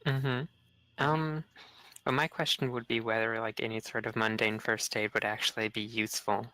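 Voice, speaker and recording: A man's voice: lowish voice, flat delivery, moderate pace, bright, forceful tone, no echo, rough recording. A man joking around casually as a player at a tabletop game. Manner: joking banter.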